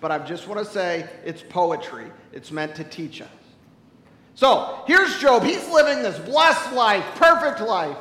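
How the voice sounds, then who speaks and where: A man preaching a sermon as a pastor, telling stories animatedly and swinging from loud to hushed. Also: very high voice, echoey room, big-room sound, poor audio.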